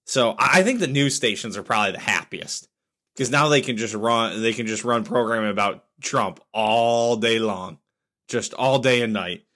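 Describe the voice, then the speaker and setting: A man's voice: medium pitch, normal speed, bright, forceful tone. A man in his thirties hosting a solo podcast, talking bluntly and getting fired up over his opinions. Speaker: podcast host. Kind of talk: casual solo podcast rant.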